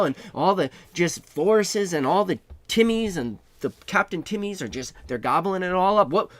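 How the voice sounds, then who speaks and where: A man's voice: high-pitched, lively intonation, normal speed, few pauses, a bit bright, no echo. A young man hosting a trading card investing channel, ranting sarcastically and firing off mocking rhetorical questions. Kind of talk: ranting monologue.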